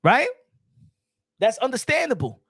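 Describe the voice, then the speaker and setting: A man giving casual boxing commentary, animated, repeating himself and firing off rhetorical questions. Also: extremely high pitch, unhurried, gravelly, slightly rough, no room sound. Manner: animated and repetitive, many restarts and rhetorical questions.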